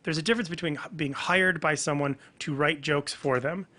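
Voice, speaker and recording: A comedian guest on a podcast, chatting casually and telling a story with lively acted-out dialogue. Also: male voice, a little high, a little fast. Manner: animated storyteller, acts out quoted dialogue.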